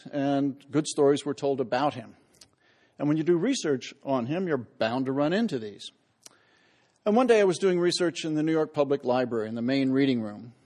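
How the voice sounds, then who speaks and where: A man giving a humorous public lecture as a historian, telling anecdotes with self-deprecating humor and acting out the voices in his stories. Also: a little high. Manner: acts out quoted voices loudly.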